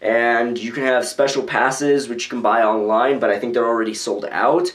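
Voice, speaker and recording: This young man from the United States has a mid-range, fairly bright voice, speaking steadily at a normal speed. He's rambling casually in his own video blog with loose phrasing and lots of filler words.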